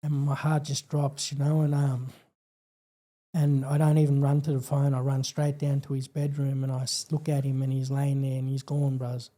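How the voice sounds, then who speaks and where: Australian man, guest, very dark and flat-toned, earnest halting storyteller. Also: mid-range voice. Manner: halting, earnest, many fillers and restarts. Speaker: podcast guest. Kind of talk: personal storytelling in an interview.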